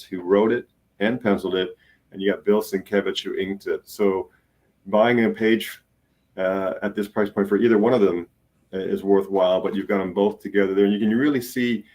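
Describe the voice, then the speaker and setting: An easygoing man with a lowish voice walks through the art he is selling. His pitch is casual and unhurried. He sounds friendly and plain. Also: fairly even intonation, a little mellow. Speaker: comic art dealer.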